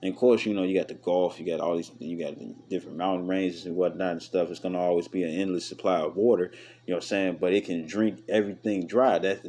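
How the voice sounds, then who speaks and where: A man giving casual scripture commentary, chatty and full of "you know what I'm saying", reading the verses aloud slowly and stumbling now and then. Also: on the low side, a little mellow. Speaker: Bible study teacher.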